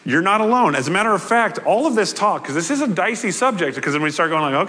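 A male pastor preaching a sermon in a conversational, animated way with playful asides. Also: sits high, moderate pace, hardly any pauses. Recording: echoey hall with long reverb.

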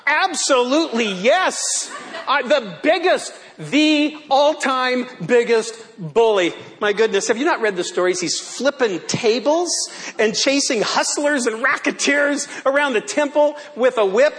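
A man's voice: extremely high pitch, expressive, measured pace, a bit bright. A male pastor delivering a sermon in a church, playful and theatrical, often laughing.

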